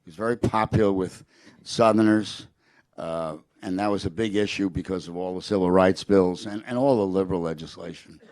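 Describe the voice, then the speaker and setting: Older man with a gravelly low voice. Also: fairly quick, darkish tone, dry recording. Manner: rambling anecdotes with restarts, quoting a president. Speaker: guest. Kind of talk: storytelling in a public conversation.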